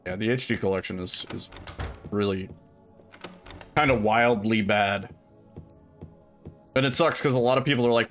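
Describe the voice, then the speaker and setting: Low-voiced laid-back male streamer. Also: moderate pace, long pauses, fairly bright tone, faint music behind. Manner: laid-back, swears freely, lots of "like" fillers. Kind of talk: casual chat while gaming.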